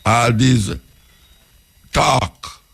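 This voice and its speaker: A Jamaican man hosting a radio talk show, speaking slowly and reflectively, posing question after question and chuckling between points. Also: mid-range voice, vocal fry, a bit bright, slightly rough.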